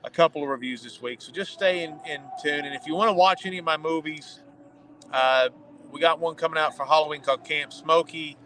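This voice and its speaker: A man's voice: on the high side, fairly quick, a little hiss or hum, low-quality recording. A man co-hosting a casual podcast, joking and telling stories from a city alley at night. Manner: joking, animated storyteller. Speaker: podcast co-host. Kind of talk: casual chat.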